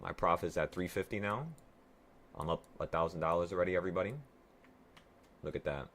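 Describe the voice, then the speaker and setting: Deep-voiced sick man narrating live trades. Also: brisk, a little hiss or hum. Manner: excitable, profane, self-talking. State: sick, voice affected by illness. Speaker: trading vlogger. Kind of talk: live trading commentary to viewers.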